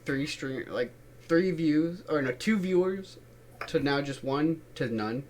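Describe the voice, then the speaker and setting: A man's voice: on the high side, lively intonation, slow pace, a little mellow, slight background noise. A man co-hosting a podcast in casual chat, joking and swearing a lot. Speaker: podcast co-host.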